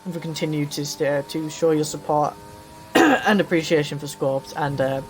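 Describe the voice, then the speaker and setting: On a casual podcast, a male host with a voice on the high side banters at normal speed while driving a sim racing practice lap. He jokes and laughs often, his throat a little dry, with slight background noise behind him.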